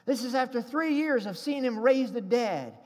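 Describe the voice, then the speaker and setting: A man's voice: very high-pitched, animated, normal speed, big-room sound. A pastor preaching a sermon to his congregation in a church, emphatic and calling for responses.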